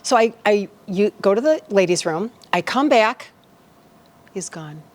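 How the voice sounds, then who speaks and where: A woman's voice: medium pitch, a little slow. A woman life coach, a podcast guest, telling a personal story in casual conversation and acting out the dialogue as she goes. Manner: animated, acts out dialogue in her stories.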